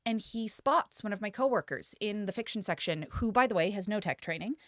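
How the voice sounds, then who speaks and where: A woman's voice: mid-range voice, brisk, no echo, studio quality. Woman telling a work story on a podcast. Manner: animated storyteller, acts out customers' lines. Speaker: guest. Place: studio.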